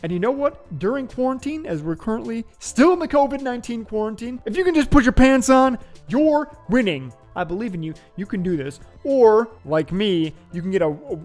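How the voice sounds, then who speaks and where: A man's voice: very high voice, animated, fairly quick, a little mellow, faint music behind. A man hosting his own show, chatting in a playful, joking, upbeat way. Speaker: host. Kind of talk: casual vlog commentary.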